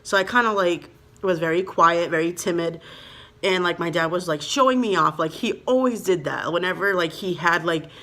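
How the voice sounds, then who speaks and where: A young woman from Minnesota tells a personal story straight to her viewers in a casual vlog. Her voice sits a little low. She rambles, leans on "like" and "you know," and speaks with open, heartfelt emotion. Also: moderate pace, fairly bright tone. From Minnesota, USA. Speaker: vlogger.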